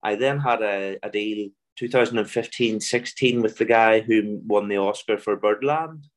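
Belfast man telling lively stories. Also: lowish voice, moderate pace. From Belfast, Northern Ireland. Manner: animated storyteller, mimics voices in anecdotes. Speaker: guest author. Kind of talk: storytelling interview.

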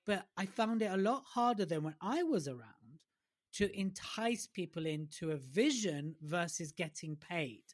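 A man's voice: sits high, animated, a little slow. A man hosting a podcast interview, talking in a chatty, reflective way. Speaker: podcast host. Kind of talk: casual interview talk.

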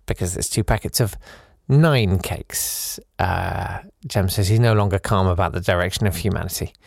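A man's voice: low-pitched, normal speed, gravelly, darkish tone, no room sound, studio quality. A man hosting a podcast in a casual, rambling way, reading listener messages with self-deprecating asides. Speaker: podcast host.

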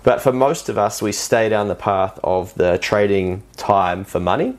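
A man's voice: fairly low pitch, measured pace. A young man, a podcast guest chatting casually in a loose, blunt way and swearing freely. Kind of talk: casual chat.

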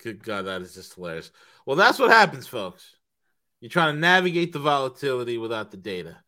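A man co-hosting a casual markets show, laughing and reacting excitedly. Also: mid-range voice, fairly quick. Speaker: co-host. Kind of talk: casual chat.

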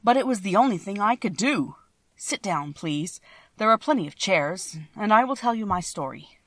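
A woman's voice: mid-range voice, expressive, moderate pace, no room sound, close to an everyday voice. A woman voicing a timid little male wizard who is a humbug, speaking meekly in a trembling voice. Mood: sorrowful. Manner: trembling, meek, pleading.

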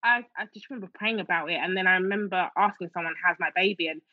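A woman's voice: on the low side, fast, no room sound. A woman telling a personal story as an interview guest, emotional, with many fillers and restarts. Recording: dull dry lo-fi sound.

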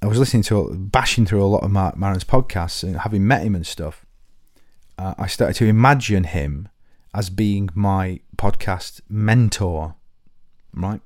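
A man's voice: low voice, normal speed, a little mellow, no echo, studio quality. A man hosting a podcast, talking to listeners in a rambling, self-deprecating comic monologue full of restarts. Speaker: podcast host.

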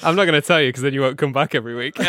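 A man's voice: on the high side, bright, forceful tone. A man hosting a casual chat as a dungeon master, playful and teasing, laughing often.

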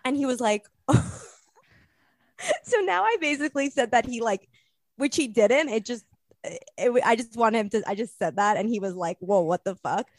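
A woman's voice: on the high side, expressive, normal speed, no echo, clean studio sound. A young woman, a podcast guest, telling a rambling story in casual chat and acting out the quotes.

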